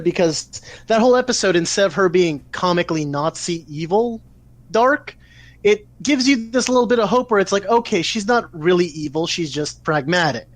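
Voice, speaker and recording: A man's voice: high-pitched, no room sound. A man co-hosting a casual podcast, animatedly retelling a story with frequent swearing. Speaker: podcast co-host. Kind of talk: casual chat, retelling an anime plot.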